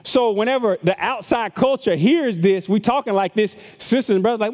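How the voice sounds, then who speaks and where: Man, pastor, middle-aged, high-pitched, preaching sermon, acts out voices, echoing church hall. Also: moderate pace, few pauses, darkish tone. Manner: conversational preaching, repeats words, acts out voices of critics. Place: church sanctuary with long reverb.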